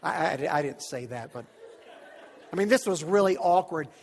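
Animated preacher man in a reverberant hall. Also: on the high side, normal speed, gravelly, some chatter behind. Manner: animated, dramatic, swings from hushed to shouting. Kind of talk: storytelling sermon. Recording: long reverb of a large hall.

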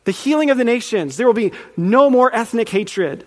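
A man's voice: very high-pitched, lively intonation, normal speed. A man preaching a teaching sermon, earnest and building in emphasis as he quizzes his listeners. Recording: long reverb of a hall.

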